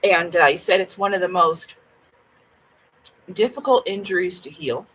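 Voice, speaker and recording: A woman's voice: on the low side, moderate pace, fairly bright tone, breathy edge, low-quality recording. A woman chatting casually to camera at home, blunt and rambling, with plenty of swearing. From Canada. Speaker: vlogger.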